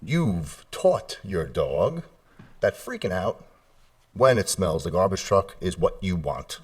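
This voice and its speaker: A man, a dog trainer, talking casually and animatedly in a podcast interview, often acting out owners and dogs in high mock voices. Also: sing-song, slow, far from the mic.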